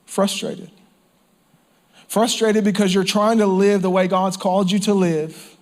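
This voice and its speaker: A man preaching a sermon with fervor. His voice sits a little higher than most men's. He repeats his phrases for weight and at times falls to a hush. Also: little pitch movement, unhurried. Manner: impassioned preaching with repeated phrases and dropped whispers. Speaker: pastor. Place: church or campground service.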